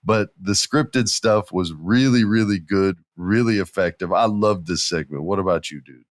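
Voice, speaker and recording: Male podcast co-host, low voice, dry close-mic sound, lively storyteller. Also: moderate pace, no echo. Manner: animated storyteller, acts out wrestlers' lines. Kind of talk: casual wrestling podcast chat.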